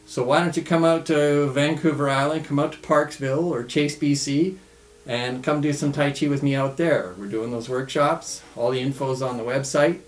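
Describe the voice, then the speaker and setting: A man teaching tai chi in a home studio, calmly calling out the steps of a follow-along routine. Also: on the high side. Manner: calm, relaxed, calls out steps slowly. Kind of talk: follow-along movement instruction. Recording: echoey studio room.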